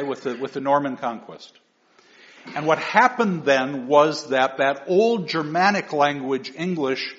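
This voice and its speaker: A man giving a recorded literature lecture, talking in an animated, expressive way and reading verse aloud with dramatic emphasis. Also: fairly high pitch, dull audio. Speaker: literature teacher.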